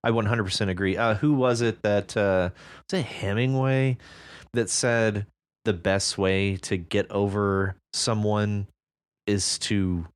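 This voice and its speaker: A man co-hosting a podcast, talking through a story in a thoughtful, measured way. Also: on the low side, steady tone, clear, resonant tone. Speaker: podcast co-host. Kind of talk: casual discussion of a story.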